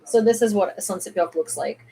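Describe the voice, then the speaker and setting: A woman's voice: medium pitch, animated, fairly quick, creaky, warm tone, breathy edge. A woman from Ukraine with a mildly American-sounding accent in English, reading news on a stream and chatting through it with many fillers. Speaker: news livestreamer. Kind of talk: casual news commentary stream.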